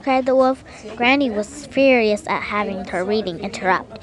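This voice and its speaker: A woman reading a fairy tale aloud as narrator, lively with small slips. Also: medium pitch, moderate pace. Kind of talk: storybook reading.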